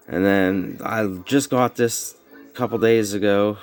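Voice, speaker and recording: A man's voice: on the low side, steady tone, normal speed, soft background music. A man casually showing off his tape collection at home, rambling with lots of fillers and loose grammar, slightly slurred from snuff in his mouth. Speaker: VHS collector vlogger. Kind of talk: casual show-and-tell. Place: home bedroom.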